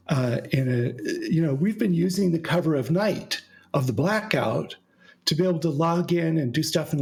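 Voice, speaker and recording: A man's voice: on the high side, gravelly. A man hosting a casual podcast chat, telling stories at an easy pace with plenty of fillers. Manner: relaxed storytelling with frequent fillers. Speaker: podcast host.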